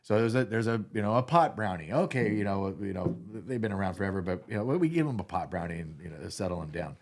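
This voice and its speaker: A middle-aged man telling road stories in a casual interview, rambling and animated, with lots of filler and swearing. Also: lowish voice, fast, vocal fry. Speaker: guitar tech, guest telling stories.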